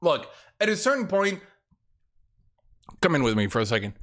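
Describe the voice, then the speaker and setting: A man's voice: on the high side, very animated, normal speed, fairly bright tone. A young man commenting on a live stream, reading out documents to his chat with heavy sarcasm, exasperation and frequent swearing.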